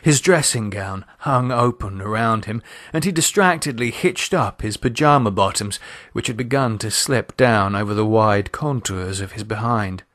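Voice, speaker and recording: A man narrating an audio horror story in a lively, expressive storytelling manner. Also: on the low side, normal speed, no echo.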